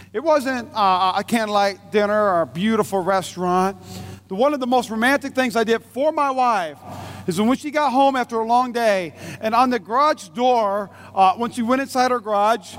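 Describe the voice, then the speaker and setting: A man with a strikingly high voice preaches at a church service, joking through a story about his competitive wife. He keeps turning to the room with quick questions. A faint hiss sits under the recording. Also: fairly bright tone. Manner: playful storytelling, frequent audience check-ins. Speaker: pastor. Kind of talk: humorous sermon.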